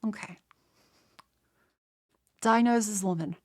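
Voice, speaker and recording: A woman's voice: mid-range voice, takes it slowly, darkish tone. Nasal Australian woman with a cold. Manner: rambling with many restarts. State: has a cold. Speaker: streamer. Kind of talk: casual chat, answering chat.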